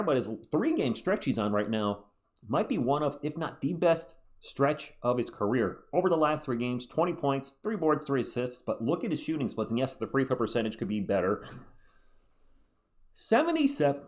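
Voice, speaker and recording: A man hosting his own sports commentary video, chatty and animated as he talks basketball. His voice sits at an ordinary middle pitch, and he throws in quick asides as he goes. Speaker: sports channel host.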